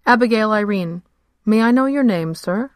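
A woman plays a dignified noblewoman from London who speaks with cool, formal politeness in audio fiction. Her voice sits at a middle pitch. The recording is dry and close. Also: expressive, normal speed, smooth, no echo, lightly acted. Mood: poised. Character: poised, dignified noblewoman investigator.

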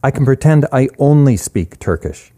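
Brief: a man voicing a young woman, teasing and dry, pitched up, mellow tone. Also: expressive, normal speed, close to an everyday voice. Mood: wry. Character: weary young woman, wry, restless drifter.

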